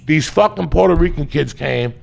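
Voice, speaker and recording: A man from the New Jersey and New York area telling a comedic story as a podcast guest, loud and profane, swinging from shouts to low mutters. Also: lively intonation, moderate pace, creaky.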